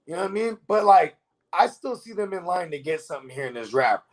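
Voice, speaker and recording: High-voiced man in loose sports banter. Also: big pitch swings, fast. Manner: loose, profane, keeps asking "you know what I mean". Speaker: fantasy football podcast co-host. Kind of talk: casual live-stream sports chat.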